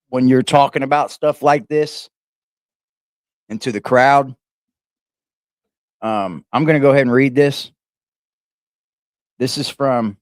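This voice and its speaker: Male reaction streamer, rambling and emphatic, mid-pitched, dry close sound. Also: dry recording. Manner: rambling, repetitive, emphatic with swearing. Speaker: reaction livestream host. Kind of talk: casual livestream commentary.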